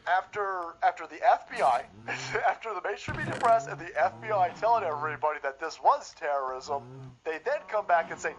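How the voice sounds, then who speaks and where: A man's voice: sits high, lively intonation, a little fast, highs cut off, soft background music. A man hosting a livestream, giving profane, sarcastic political commentary as he reacts to clips. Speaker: stream host.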